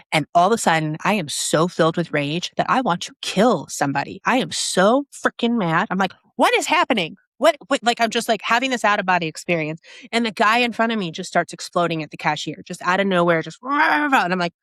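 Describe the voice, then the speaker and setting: A woman's voice: fairly low pitch, a little fast, a bit bright, no echo, studio quality. A woman telling a personal story as a podcast guest, animating it by acting out other people's lines and her own reactions, in a casual, restart-filled way. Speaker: podcast guest, app founder.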